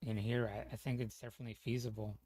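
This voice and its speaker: A man's voice: on the low side, level tone, fast talker, a little mellow. A man talking casually as a streamer, rambling with lots of fillers, restarts and casual swearing.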